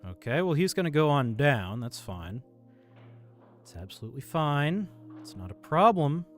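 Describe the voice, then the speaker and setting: A man streaming a game, muttering calming mantras to himself between bursts of frustrated swearing. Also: on the high side, moderate pace. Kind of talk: live game commentary. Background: faint game music.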